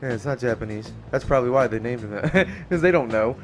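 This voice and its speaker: A man's voice: medium pitch, animated, quick pace, soft background music. A man giving casual, joking commentary while playing a game, swearing and laughing often. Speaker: gamer, video host.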